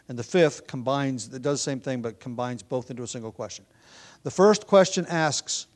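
Male preacher, mid-range voice, measured expository sermon delivery. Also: mid-range voice. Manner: measured teaching delivery with occasional restarts.

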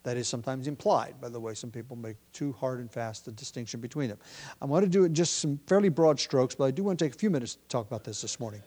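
A man's voice: mid-range voice, quick pace. A man preaching a sermon as pastor, thinking aloud with frequent fillers and restarts. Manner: prays in a hushed, quieter voice.

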